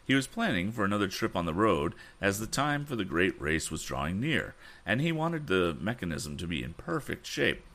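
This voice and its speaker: A man reads an adventure novel aloud in a very low voice that still moves in lively swings. His tone is bright and forward, and he corrects himself when he stumbles over a word. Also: moderate pace, few pauses. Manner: expressive, corrects his own misreadings. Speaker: audiobook reader.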